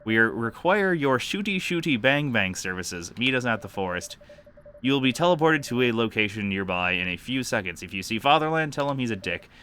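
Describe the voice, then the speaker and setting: A man's voice: medium pitch, animated, brisk, pushed and bright, slight background noise. A man voicing a bickering, bleeding young woman with a half-hearted put-on British accent, reading game dialogue. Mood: grumbling.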